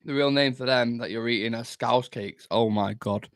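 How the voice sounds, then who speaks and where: A man's voice: mid-range voice, normal speed. A young man from Manchester, hosting a casual football watchalong livestream, swearing and bantering with his chat close to the mic. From Manchester, England. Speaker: fan channel livestream host. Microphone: close mic, eating into it.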